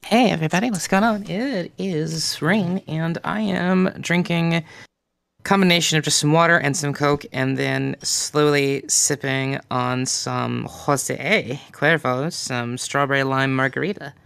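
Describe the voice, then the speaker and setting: A relaxed woman speaks as a guest on a casual podcast. Her voice sits low with some gravel and fry, yet stays smooth and dry. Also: a little slow, no echo. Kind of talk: casual chat.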